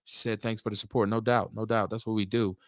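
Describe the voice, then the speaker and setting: A man's voice: fast, no echo, studio quality. Rambling man hosting a podcast. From Milwaukee, USA. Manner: rambling, talkative, lively swings in pitch. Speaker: podcast host. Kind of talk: casual solo talk show.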